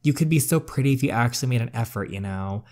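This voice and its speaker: A man's voice: medium pitch, animated, fast, a little mellow, natural voice. A man reading the part of a spoiled, sarcastic teenage girl in a story game, with a snide, dismissive delivery.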